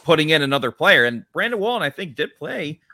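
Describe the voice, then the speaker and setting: A man co-hosting a live football chat stream, breaking down the team's play in an analytical, excitable way. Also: fairly high pitch, quick pace, crowd noise.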